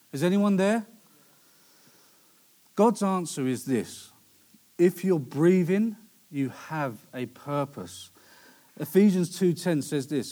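A man's voice: high voice, animated, unhurried, mellow. A young man preaching a sermon in a conversational way, with storytelling asides.

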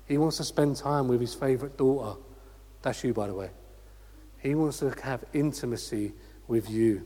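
Higher-voiced man preaching in a reverberant hall. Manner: energetic preaching with rhetorical questions and audience call-outs. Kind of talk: sermon.

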